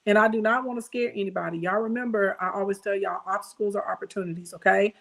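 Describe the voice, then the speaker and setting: A woman's voice: mid-range voice, fairly even intonation, fast, vocal fry. A middle-aged woman from the United States, hosting a casual livestream and coaching viewers in an emphatic, chatty way that speaks straight to them. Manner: emphatic, chatty, calls listeners "baby" and "y'all". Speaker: business coach and livestream host.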